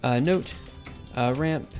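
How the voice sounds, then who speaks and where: This young livestreaming programmer, whose voice is going, talks slowly through his coding session in a mid-range, slightly mellow voice that sounds a bit worn. He keeps thinking out loud with plenty of fillers and self-corrections while soft music plays behind him.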